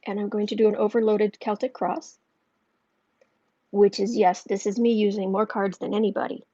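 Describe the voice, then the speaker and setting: A woman's voice: medium pitch, level tone, moderate pace, warm tone. A woman in casual live-stream chat as a tarot reader, talking in an emotional, rambling flow full of restarts. Her voice sits in a middling range. The sound is dull and lo-fi, and dry with no room echo. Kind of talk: casual live-stream chat, reading viewer comments aloud.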